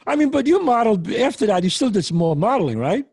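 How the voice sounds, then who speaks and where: Husky man reacting briefly. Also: high voice, sing-song, fast, a little mellow, no room sound, clean studio sound. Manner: short reactive interjections. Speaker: host. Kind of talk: casual interview chat.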